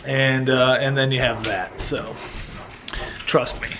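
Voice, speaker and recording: A man's voice: medium pitch, flat delivery, takes it slowly. Middle-aged male vlogger, loose rambling home chat, noisy room. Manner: rambling, joking, self-interrupting. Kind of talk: casual vlog chat.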